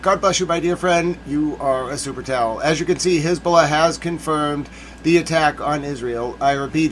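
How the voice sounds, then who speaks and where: Hosting a livestream news commentary, a man greets viewers in the chat and walks his live audience through breaking reports. His voice is fairly high and fairly bright, and he often repeats himself in an uneasy tone. A faint hum can be heard behind him.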